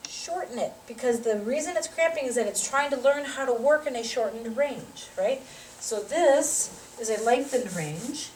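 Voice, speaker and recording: A woman, a physical therapy instructor, teaching a live demonstration and coaching a volunteer through an exercise with quick cues and encouragement. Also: on the high side, a little hiss or hum. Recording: roomy sound from a distant mic.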